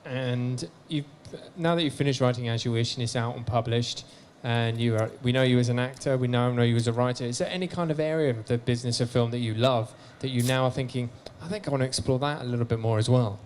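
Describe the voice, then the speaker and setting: A man's voice: mid-range voice, steady tone, fast, few pauses, darkish tone, a little hiss or hum. A man asking a long, rambling question at a press conference. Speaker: interviewer.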